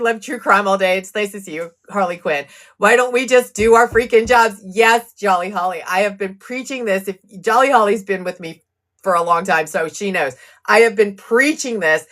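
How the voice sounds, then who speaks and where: A woman's voice: mid-range voice, fairly bright tone. A woman doing casual live-stream commentary on a legal case, agitated and fired up, venting and reading viewer comments aloud. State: agitated, blood pressure up. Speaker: true crime live streamer.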